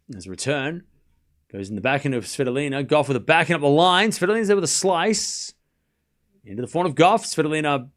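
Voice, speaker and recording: A man streaming a live tennis watchalong, calling each rally in quick play-by-play and chatting with viewers between points. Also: a little high, fairly bright tone. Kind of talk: live watchalong commentary and chat reading.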